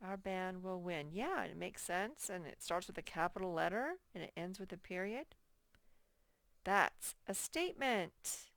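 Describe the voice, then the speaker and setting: A woman teaching a first-grade workbook lesson in a slow, patient way, repeating key points and reading example sentences aloud very slowly. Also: lowish voice, animated, creaky, fairly bright tone, dry recording, clean studio sound. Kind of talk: recorded workbook lesson for children.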